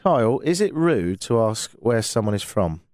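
A man's voice: on the low side, very animated, normal speed, darkish tone, dry recording, clean studio sound. An English man hosting a call-in radio show, chatting in a wry, joking way and reading texts aloud. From England. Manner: wry, joking, self-mocking.

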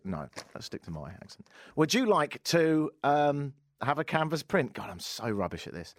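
A man's voice: on the high side, big pitch swings, moderate pace, few pauses, dry recording. A man hosting a casual radio talk show, wry and sarcastic, rambling between topics. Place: radio studio. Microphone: studio microphone.

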